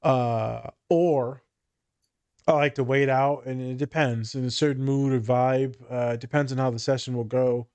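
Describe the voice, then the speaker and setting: A male therapist hosting a casual podcast, in a middle-pitched voice. He tells his stories with energy, swears freely and acts out the lines of the people he quotes. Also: normal speed, clean tone. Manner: animated, profane storytelling with quoted voices.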